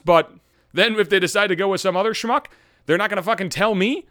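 A man's voice: sits high, fast, bright, forceful tone, no room sound. A man hosting his own podcast as a voice actor, ranting in a profane, exasperated monologue that keeps escalating, recorded on a studio podcast mic.

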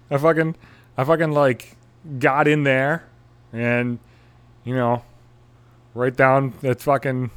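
A man's voice: medium pitch, a bit bright. A young man, a podcast host, telling a crude story in a sarcastic, swear-filled monologue.

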